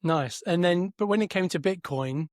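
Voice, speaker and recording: A man's voice: sits high, moderate pace, dry recording, clean studio sound. A man hosting a podcast in a friendly, affirming way, with some hesitant fillers. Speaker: podcast host. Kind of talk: casual interview chat.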